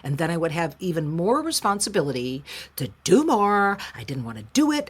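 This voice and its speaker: A middle-aged woman from the United States, a singer-songwriter telling her story as an interview guest in a frank, emotional, animated way. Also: lowish voice, brisk, few pauses, husky. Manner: frank, emotional, animated retelling with quoted voices. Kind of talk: candid conversational storytelling.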